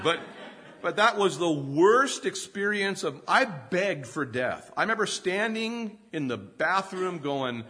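A man's voice: high voice, expressive, unhurried, pushed and bright, husky. A man in his fifties preaching a sermon, telling humorous self-deprecating stories and often laughing mid-sentence. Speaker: pastor.

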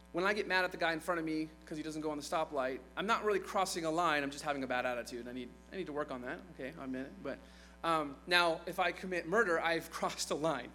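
A man's voice: a little high, pushed and bright, low-quality recording. A man preaching a sermon in a conversational way, retelling scripture with playful asides.

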